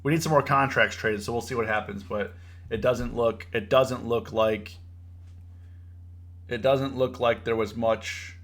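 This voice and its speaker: A young man hosting a live trading stream, talking casually and getting worked up as he lectures, repeating himself a lot. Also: mid-range voice. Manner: animated, preachy, repeats himself, says "bro" and "you know". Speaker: livestream trading host. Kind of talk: casual livestream commentary.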